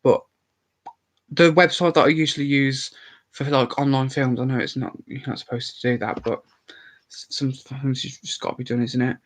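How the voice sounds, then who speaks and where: A man's voice: mid-range voice, flat delivery, moderate pace. A man rambling casually on a live stream, chatty and swearing freely.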